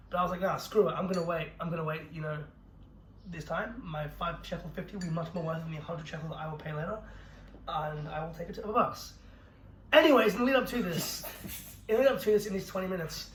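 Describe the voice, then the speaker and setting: A young man co-hosting a podcast, telling a story in casual chat, swearing freely and laughing through it. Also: sits high. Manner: brisk, profane, laughs through his own story. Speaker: podcast co-host. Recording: roomy echo with faint noise.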